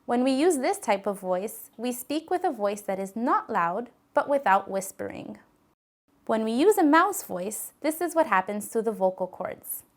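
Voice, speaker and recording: Woman narrating a voice care lesson, slightly high voice, calm and clear, gently instructive. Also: normal speed.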